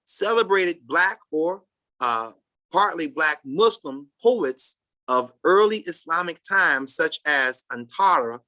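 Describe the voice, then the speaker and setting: A Sabbath class teacher reading a text aloud to a class and commenting on it, speaking haltingly with many restarts and bursts of loud emphasis. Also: mid-range voice, lively intonation.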